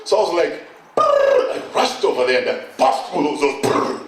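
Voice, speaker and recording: Animated Kenyan comedian in an echoey hall. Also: male voice, a little high, brisk, recorded from a distance. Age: middle-aged. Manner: animated, acts out voices and shouts. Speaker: stand-up comedian. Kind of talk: stand-up comedy storytelling. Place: event hall on stage. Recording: echoey hall, mic from afar, noisy.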